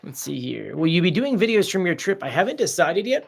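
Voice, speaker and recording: A man's voice: high voice, very animated, brisk, vocal fry, slightly rough. A man hosting a casual live stream, chatting off the cuff as he reads out viewer comments and answers them.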